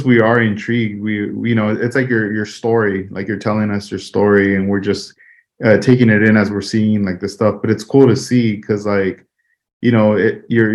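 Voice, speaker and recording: A man hosting a podcast, chatting in a relaxed, easygoing way with lots of filler words. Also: on the low side. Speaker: podcast host. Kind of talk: casual interview chat.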